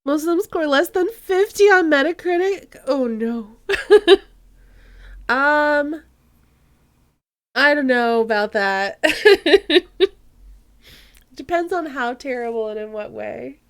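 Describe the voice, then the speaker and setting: Giggly high-voiced woman streamer. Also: lively intonation, slow, long pauses. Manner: giggly, playful, laughs often. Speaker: game streamer. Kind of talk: casual gameplay commentary. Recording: faint game music behind.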